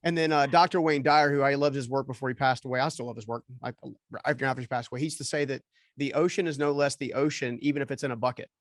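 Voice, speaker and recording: A podcast host conducts a casual interview chat, speaking in a searching, rambling way, repeating words, restarting, and ending points with "right?" to check in. His mid-range voice is steady and quick, recorded at studio quality with no room sound.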